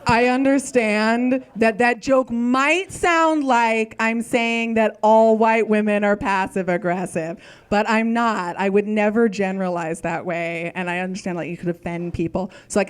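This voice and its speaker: A woman's voice: medium pitch, normal speed, hardly any pauses, clear, resonant tone. A woman doing a stand-up comedy set in a self-deprecating, anxious, overthinking manner.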